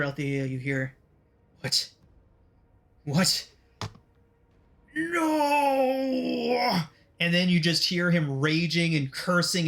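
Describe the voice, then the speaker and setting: A man narrating a tabletop game as game master, in a measured, descriptive way. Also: medium pitch, bright, forceful tone.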